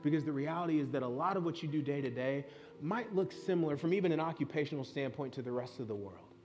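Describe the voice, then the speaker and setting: A man's voice: a little high, quick pace, a little mellow, faint music behind. Earnest man preaching a sermon. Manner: earnest, conversational preaching with personal stories. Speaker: pastor. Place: church sanctuary.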